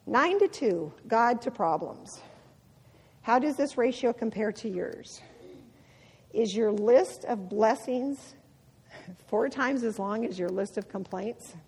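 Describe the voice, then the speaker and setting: A middle-aged woman gives a devotional talk in a large hall, her slightly husky, fairly high voice carrying a long reverb. She tells personal stories in an animated way and laughs often. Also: slow pace. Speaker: women's ministry speaker.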